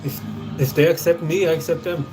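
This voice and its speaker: A man's voice: fairly high pitch, fairly even intonation, fairly quick, over music. A man from Sweden with a Swedish accent, talking in a rambling, hesitant casual stream monologue, laughing often between his words. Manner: rambling, hesitant, with frequent laughs and filler sounds.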